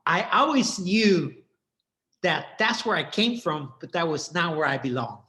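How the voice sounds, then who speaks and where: Brief: middle-aged man from Mexico, fairly high voice, earnest and heartfelt guest. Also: lively intonation, measured pace, sharp tone. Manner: earnest, heartfelt, many repeated starts. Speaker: guest, entrepreneur. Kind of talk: personal life story in interview.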